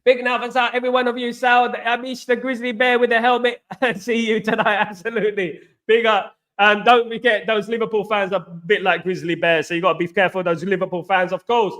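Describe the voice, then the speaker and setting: A man's voice: sits high, level tone, a little fast, few pauses, fairly bright tone. A man hosting a casual football live stream, rambling and repeating himself as he chats with viewers and reads their comments. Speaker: football channel host.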